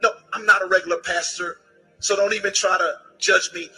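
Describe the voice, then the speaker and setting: A man's voice: high-pitched, normal speed, pushed and bright, slightly rough, faint music behind, rough recording. A man preaching in a combative, boisterous way, insulting his critics and raising his voice. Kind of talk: fiery livestream preaching.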